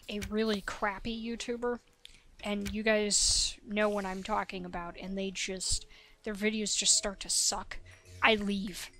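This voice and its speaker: A woman's voice: medium pitch, little pitch movement, takes it slowly, sharp tone, a little hiss or hum. Hyper, nonstop-talking young-sounding woman. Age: 20s. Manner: hyper, chatty, talks nonstop. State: sniffly. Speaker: let's play host. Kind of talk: game commentary voice-over.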